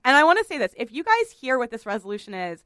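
A woman's voice: sits high, big pitch swings, quick pace, fairly bright tone, clean tone, dry recording, clean studio sound. A woman hosting a podcast in casual chat, talking chattily, often laughing and apologizing. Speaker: podcast host.

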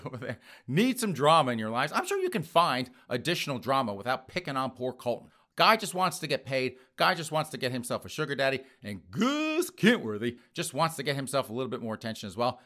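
A man's voice: mid-range voice, fairly bright tone. A man hosting a commentary podcast who mocks his targets and often chuckles while talking to his listeners. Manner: mocking, chuckles often, addresses listeners as folks. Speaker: podcast host.

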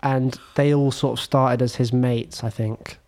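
A man's voice: mid-range voice, a little slow. A young man in his twenties, hosting a podcast and telling an anecdote with acted-out quotes and frequent laughter. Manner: animated anecdote teller, acts out quotes, laughs often. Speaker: podcast host. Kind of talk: casual chat, storytelling.

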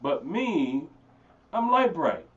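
A man's voice: a little high, slow. Laid-back man from Philly, off-mic. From Philadelphia. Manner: storytelling, animated impressions. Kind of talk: casual chat. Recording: distant mic, dull lo-fi sound.

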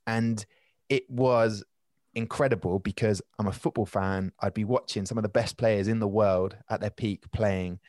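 Animated man telling stories, dry close sound. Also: fairly low pitch, no room sound. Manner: animated, rambling anecdotes with restarts and quick asides. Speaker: podcast guest. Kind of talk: casual storytelling chat.

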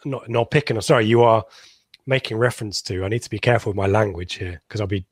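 A man's voice: on the low side, steady tone, fast, dry recording. A man hosting a casual football podcast, talking in a rambling, chatty way with frequent ums and laughs. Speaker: podcast host.

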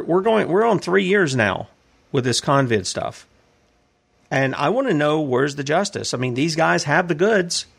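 A man's voice: a little high, a bit bright. A man hosting a casual commentary show, reading news articles aloud and asking rambling questions about them. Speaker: host.

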